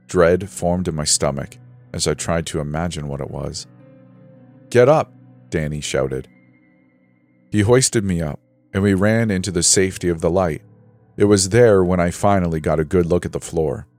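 Deep-voiced man narrating a horror story. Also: fairly even intonation, normal speed, darkish tone, faint music behind. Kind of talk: first-person scary story narration.

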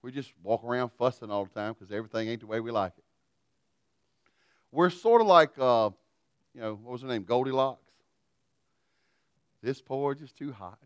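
A man delivers a sermon in a relaxed, folksy way, mixing humor and everyday stories into his preaching. His voice is smooth and resonant, and the recording is close and dry with no room echo. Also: medium pitch, a little fast, pauses often. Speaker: pastor.

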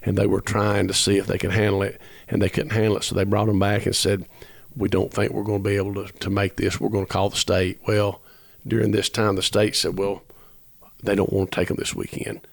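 A man's voice: fairly low pitch, monotone, fairly quick, vocal fry, no echo. A man, telling a long personal story as a podcast guest, earnest and rambling, acting out the dialogue as he goes. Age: 50s. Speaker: musician guest.

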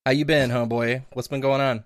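A man hosting a podcast, chatting casually, lively and laughing often with loose swearing. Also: mid-range voice, quick pace, no echo, clean studio sound. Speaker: podcast host.

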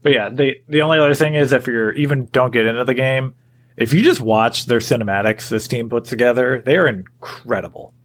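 A man's voice: medium pitch, brisk. A man co-hosting a casual podcast, easygoing, laughing often, with many fillers. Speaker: podcast co-host. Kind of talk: casual chat.

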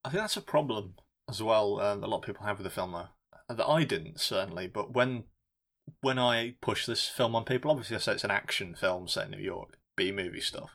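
A man's voice: on the low side, a little fast, a bit bright. A man co-hosting a casual film review podcast, rambling and swearing as he jokes. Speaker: podcast co-host.

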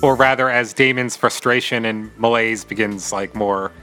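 A man's voice: on the low side, steady tone, normal speed, pushed and bright. A man co-hosting a casual music podcast, talking in a thoughtful, analytical way. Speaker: podcast co-host.

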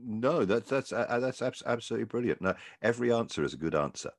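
A man's voice: medium pitch, lively intonation, fast. A man hosting an interview, asking thoughtful, long winding questions with restarts. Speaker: interview host. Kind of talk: casual interview chat.

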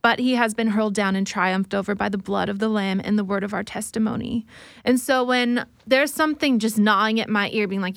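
A woman's voice: medium pitch, steady tone, fairly quick, vocal fry, no echo, studio quality. A woman who leads worship, speaking earnestly and reflectively in a faith conversation, sometimes acting out remembered dialogue. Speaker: worship leader.

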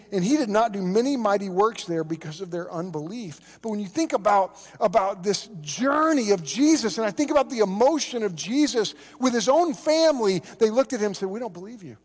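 A pastor from Oklahoma preaching a sermon in a church, earnest, often repeating words as he restarts. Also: high voice. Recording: long hall reverb.

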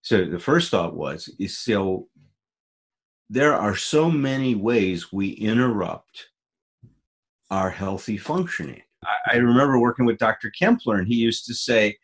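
A man co-hosting a casual conversation about therapy, animated and acting out quoted voices. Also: unhurried, slightly rough. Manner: animated, acts out quoted voices with big pitch jumps. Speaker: therapist podcast co-host.

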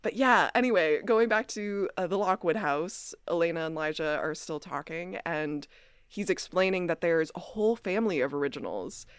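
A woman co-hosting a podcast, recapping scenes in a chatty way, laughing often and quoting characters in a lower voice. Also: moderate pace, smooth, dry recording, clean studio sound. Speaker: podcast co-host. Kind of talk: casual recap chat.

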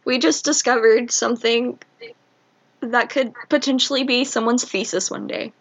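A woman's voice: on the high side, fairly even intonation, normal speed, slightly rough. A woman co-hosting a podcast in casual chat, friendly and chiming in with short remarks. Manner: friendly, brief interjections. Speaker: podcast co-host. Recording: dull lo-fi podcast audio.

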